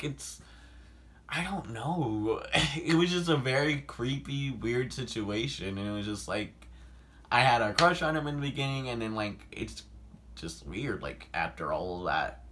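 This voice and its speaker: This young vlogger, speaking in a mid-range voice, recounts something personal with lots of energy, constant swearing, and "like" everywhere, erupting now and then into sudden loud bursts. A little hiss or hum sits under the audio.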